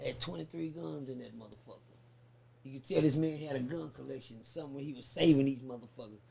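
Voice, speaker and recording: A man's voice: mid-range voice, quick pace, vocal fry, a crowd in the background. A man, a podcast guest telling a profane story in casual chat and acting out the people he quotes. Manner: profane, lively, acts out the voices he quotes.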